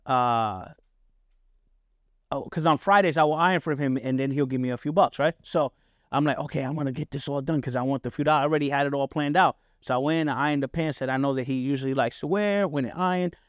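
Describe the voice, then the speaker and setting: With a medium-pitched voice and a slightly fast pace, a middle-aged man delivers a personal storytelling monologue on his podcast. He's candid and casual, swears freely, and often checks in with "right?" The studio-quality audio has no room sound.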